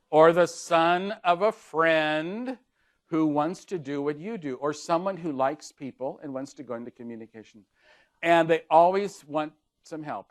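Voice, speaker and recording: Man in his 60s telling dry-humored stories. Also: on the high side. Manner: storytelling with dry humor, acting out dialogue. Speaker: keynote speaker on leadership communication. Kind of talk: anecdotal keynote talk.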